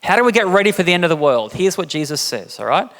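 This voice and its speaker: Talking fast in a very animated, fairly bright voice, this pastor from England delivers a jokey, conversational sermon. He acts out quotes with big pitch jumps, and the church hall setting adds reverb.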